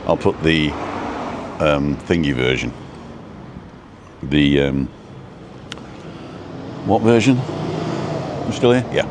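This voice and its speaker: A man's voice: extremely low pitch, very animated, drawn-out words, long pauses. A man hosting a casual live stream from an outdoor food stop. He rambles between topics and reads out the names of viewers. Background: faint traffic and building work.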